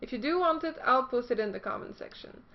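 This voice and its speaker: A woman's voice: sits high, lively intonation, fast talker, dull audio. A woman hosting a casual esports news vlog, chatty and self-deprecating, stumbling now and then as she reads.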